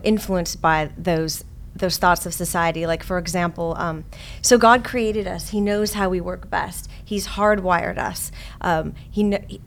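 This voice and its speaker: A woman's voice: fairly low pitch, slight background noise. A woman who leads a recovery group, speaking earnestly and thoughtfully as a guest in a casual interview.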